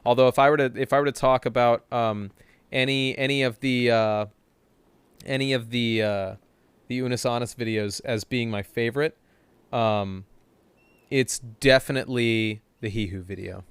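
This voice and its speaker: A man's voice: medium pitch, fairly even intonation, moderate pace, clear, resonant tone, no room sound. A man streaming a game live, joking and swearing while reading the game text aloud. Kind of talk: casual live-stream gaming chat.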